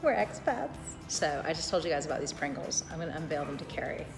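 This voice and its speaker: An American woman vlogger chatting to camera in a casual, animated way, full of jokes and sassy asides. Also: low-pitched, quick pace, music in the background. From United States.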